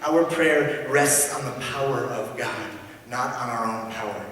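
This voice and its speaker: A man preaching a sermon as pastor, earnest, swinging from loud emphatic lines to hushed ones. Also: mid-range voice, measured pace, slight background noise. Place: large church sanctuary. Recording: echoey church hall from far off.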